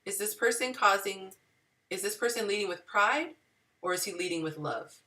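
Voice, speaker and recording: A woman's voice: medium pitch, lively intonation, normal speed, sharp tone, distant mic. A woman hosting a live dating advice talk, speaking to viewers in an emotional, preachy, spiritual way.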